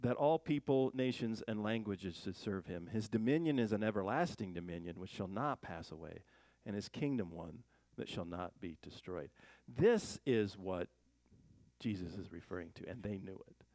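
A male Bible teacher with a gravelly, low-textured voice, recorded close and dry. He reads scripture aloud, then comments on it in a loose, conversational way. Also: animated, moderate pace, a little mellow, dry recording. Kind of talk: casual verse-by-verse Bible teaching.

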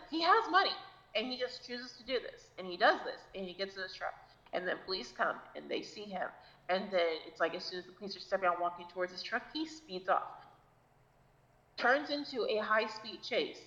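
An excitable woman co-hosting a podcast, swearing freely and rambling through her story with plenty of fillers. Her voice sits in an ordinary middle pitch. The recording sounds a little dull and lo-fi. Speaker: podcast co-host.

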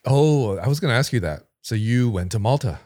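Woman, podcast co-host, extremely deep voice, playful teasing banter, dry sound. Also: animated, fairly quick, warm tone, dry recording. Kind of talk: casual podcast chat.

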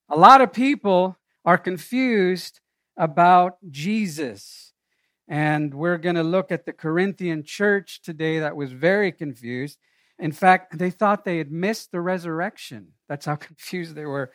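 A man's voice: high-pitched, a little slow, a bit bright, dry recording. Conversational male pastor preaching. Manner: storytelling, conversational preaching with asides. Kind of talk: sermon. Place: church.

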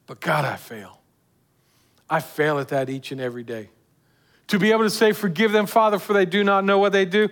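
A man's voice: sits high, a little fast, a bit bright. A man preaching a sermon earnestly, putting direct questions to his listeners. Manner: earnest, rising and falling with emphasis, asking the listeners direct questions.

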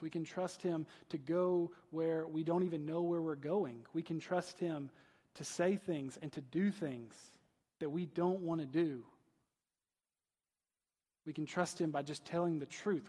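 A man's voice: a little high, a little mellow, in a large hall. A male pastor preaching a conversational sermon, asking rhetorical questions and often adding "right?".

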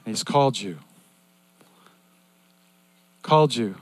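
An older man preaching a sermon in an earnest, repetitive cadence that swings between loud and hushed. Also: mid-range voice, lively intonation, slow pace, no room sound.

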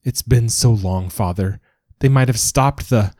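A man voicing a young son who speaks softly and slowly, gently defiant, in an audiobook story. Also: mid-range voice, no echo, studio quality, pitched above the performer's own voice, close to an everyday voice. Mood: pleading.

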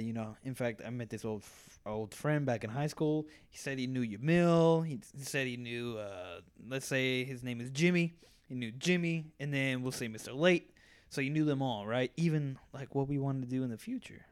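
A young man co-hosting a podcast, telling a story in casual chat with animated quoted voices and frequent laughter. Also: mid-range voice. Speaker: podcast co-host.

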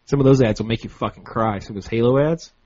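A man's voice: mid-range voice, quick pace, a little mellow, no room sound, muffled recording. A man co-hosting a podcast, chatting casually, enthusiastic and pushy, swearing freely. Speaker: podcast co-host. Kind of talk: casual chat.

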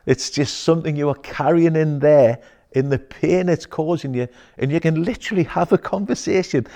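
A man, a coach, chatting casually as a guest in an interview, animated and sweary, dropping "aye" and "mate.". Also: a little high, moderate pace. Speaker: guest, emotional intelligence coach. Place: wellness centre.

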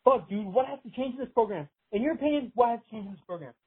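A young man rants down a tinny phone line, choked up and rambling, with "dude" every few words. His voice is husky and worn. The call sounds thin and boxy. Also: extremely high pitch, animated, very fast. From Texas. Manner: rambling, profane, says "dude" constantly. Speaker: caller. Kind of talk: emotional call-in rant.

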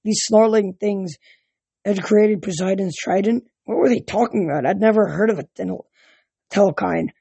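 Brief: amateur storybook narrator, husky voice, frequent stumbles, dry close sound. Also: medium pitch, normal speed, warm tone, no room sound, lo-fi sound. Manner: stumbling over words and restarting. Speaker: audiobook reader.

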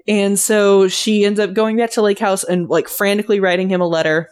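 A woman's voice: mid-range voice, little pitch movement, brisk, few pauses, darkish tone, clear, resonant tone. Chatty young woman, swears freely. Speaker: podcast co-host. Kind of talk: casual chat.

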